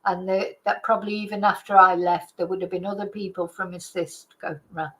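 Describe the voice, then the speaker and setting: A woman's voice: lowish voice, level tone, brisk, fairly bright tone, poor audio. Older woman telling a rambling story. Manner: rambling, chatty, many fillers and restarts. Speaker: channel host. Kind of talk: casual storytelling monologue.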